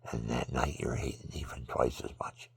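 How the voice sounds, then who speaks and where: A sleepy, exhausted man rambling through a religious monologue into his phone at home, swinging from loud bursts to murmurs. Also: a bass voice, flat delivery, moderate pace, creaky, slightly rough, no room sound. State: sleepy, extremely tired. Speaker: vlogger.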